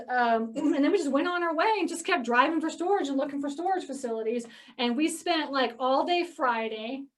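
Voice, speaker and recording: A real estate investor from Georgia, US, speaking at a meeting, tells the audience a casual story about buying storage facilities. She's chatty, full of "like" and "okay?", and acts out her phone calls. Her voice is high and sits far from the mic.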